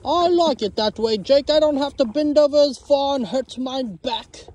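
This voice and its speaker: A man voicing a big, proud male bull who is haughty and touchy, speaking in a slow, formal, boastful drawl. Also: extremely high pitch, a little mellow, lo-fi sound. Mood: smug.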